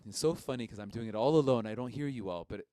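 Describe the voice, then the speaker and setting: A man's voice: medium pitch, fast, heavy background noise. A man casually teaching a live-streamed music lesson, encouraging and explaining each step plainly.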